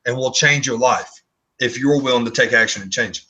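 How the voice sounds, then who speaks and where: A man co-hosting an online video hangout, giving a blunt, earnest motivational sales pitch and often repeating words as he talks. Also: a little fast, sharp tone, poor audio. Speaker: co-host of online business hangout.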